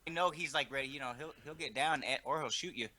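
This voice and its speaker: A man calling into a talk show, relaxed as he tells a story. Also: a little high, quick pace. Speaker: caller. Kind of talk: casual anecdote on a call-in show.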